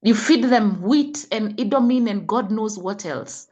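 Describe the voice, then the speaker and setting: A woman's voice: medium pitch, measured pace, darkish tone, highs cut off. A middle-aged woman with a Kenyan accent, a health coach who lectures parents with scolding rhetorical questions. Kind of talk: impassioned talk.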